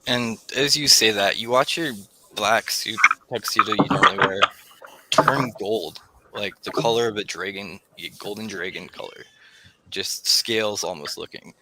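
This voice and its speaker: A man's voice: fairly low pitch, moderate pace, heavy background noise. A man running a tabletop game as game master, narrating scenes and speaking for deities. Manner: describes scenes at length, voices deities in quotes.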